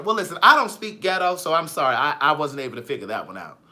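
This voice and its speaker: Sassy, lively man chatting on a livestream. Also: medium pitch, fast. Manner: sassy, animated, reads viewer comments aloud. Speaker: vlogger. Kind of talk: live-stream chat.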